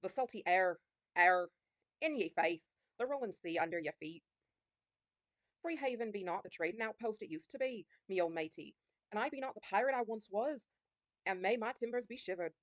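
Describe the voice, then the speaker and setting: A woman's voice: mid-range voice, lively intonation, normal speed, no echo, natural voice. A woman doing a weary old pirate. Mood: wistful. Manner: pirate slang, loose put-on accent.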